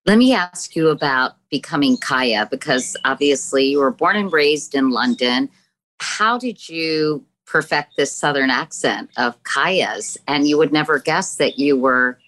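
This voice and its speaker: Very low-voiced American woman interviewer. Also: unhurried, fairly bright tone. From Virginia, USA. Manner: conversational, chatty questioning. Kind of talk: interview questions.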